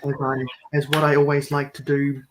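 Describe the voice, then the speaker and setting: A man hosting a live stream at home, talking through a build in a soft, mellow monotone. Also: medium pitch, moderate pace, noisy background.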